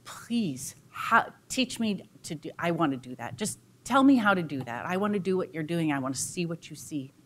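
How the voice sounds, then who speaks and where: A woman voicing an eager male coyote who begs in a breathy half-whisper as she tells a folk tale. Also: fairly low pitch, expressive, a little fast, few pauses, a little hiss or hum, natural voice. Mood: pleading.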